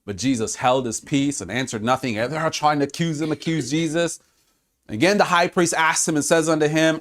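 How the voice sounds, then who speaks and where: A man preaching a sermon, swinging between loud exclamations and hushed, quiet stretches. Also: on the high side, expressive, brisk. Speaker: pastor.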